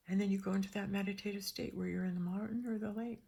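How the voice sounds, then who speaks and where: Woman, gravelly voice, animated storytelling, frequent restarts, acts out quotes. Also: medium pitch, fast, few pauses. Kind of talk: personal storytelling.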